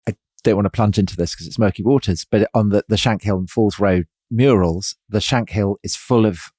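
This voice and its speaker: A man co-hosting a history podcast, adding measured, wry comments. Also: lowish voice, darkish tone, no room sound, studio quality. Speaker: podcast co-host.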